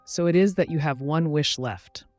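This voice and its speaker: A man voicing a toothless, cackling old woman who grants wishes, read flatly. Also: fairly high pitch, moderate pace, faint music behind, natural voice. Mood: sly.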